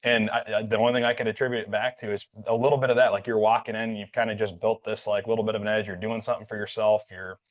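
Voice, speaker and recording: Fast-talking man telling a rambling story. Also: lowish voice, little pitch movement. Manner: rambling, filler-heavy, acts out quoted dialogue. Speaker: podcast host. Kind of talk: casual storytelling chat. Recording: dull lo-fi audio.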